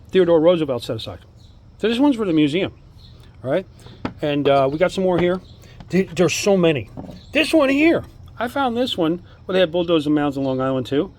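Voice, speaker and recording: A man excitedly showing his stone collection to the camera, rambling from one topic to the next in a casual monologue. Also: a little high. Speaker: amateur artifact collector. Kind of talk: casual show-and-tell monologue.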